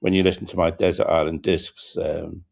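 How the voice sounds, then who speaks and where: Older guy hosting a comedy podcast, really low gravelly voice, rambly and stop-start. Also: level tone, darkish tone. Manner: rambling, halting, many restarts and fillers. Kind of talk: casual anecdotal chat.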